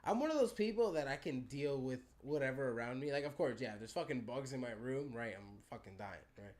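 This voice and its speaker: A man's voice: medium pitch, fairly quick. A man co-hosting a casual podcast, telling stories with lots of laughter and swearing. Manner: animated, laughs through stories, swears often. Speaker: podcast co-host. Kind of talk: casual chat, storytelling.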